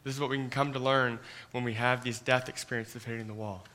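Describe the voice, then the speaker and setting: A man delivering a sermon with a bright, forward voice. He speaks earnestly, often sinking into a quiet hush, and stumbles over repeated words at the start of his phrases. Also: mid-range voice, steady tone, fast. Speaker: pastor.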